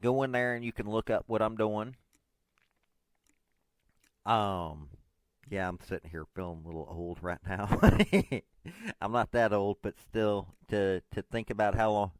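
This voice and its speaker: Man, 40s, podcast host; low, smooth voice, unhurried, self-deprecating rambling. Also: dry recording. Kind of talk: casual rambling monologue.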